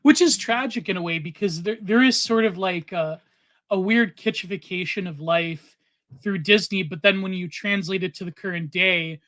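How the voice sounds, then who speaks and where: Host: man, higher tense voice, hedging casual delivery. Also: moderate pace, a bit bright, no room sound. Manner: hedging, many fillers like "like". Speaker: podcast host. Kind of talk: casual conversation.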